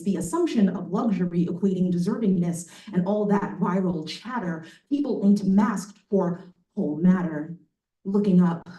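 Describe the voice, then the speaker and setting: A woman poet reading her verse aloud with a deliberate rhythm, dropping in relaxed, laughing asides between poems. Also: lowish voice. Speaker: poet reading from a new book. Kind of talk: poetry reading with casual asides. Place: bookstore event space, indoors. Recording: echoey room from a distance.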